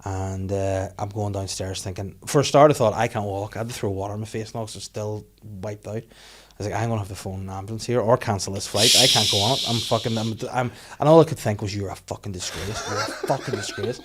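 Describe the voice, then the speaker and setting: A young man hosting a podcast, telling rapid, animated stories full of laughter and sweary acted-out inner voices. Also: lowish voice. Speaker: podcast host. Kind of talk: casual chat, storytelling.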